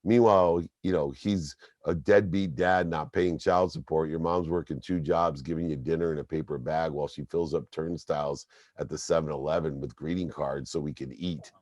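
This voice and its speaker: Deep-voiced man telling a personal story. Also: moderate pace, few pauses, dry recording. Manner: emphatic, animated storytelling. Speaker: guest. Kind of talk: storytelling interview.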